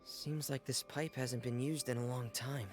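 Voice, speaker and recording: An actor playing a quiet young man in a video game, speaking in a low-key, pensive way. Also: steady tone, moderate pace, lightly acted. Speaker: game character. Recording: game audio with music. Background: game music.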